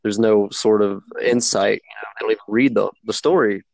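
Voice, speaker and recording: A male podcast co-host in casual political talk, calm and measured, reading details from articles. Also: on the low side, gravelly, low-quality recording.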